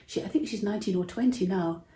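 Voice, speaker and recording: A woman telling a Bible story to children in a gentle way, asking her listeners questions. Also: medium pitch, quick pace. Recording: roomy echo.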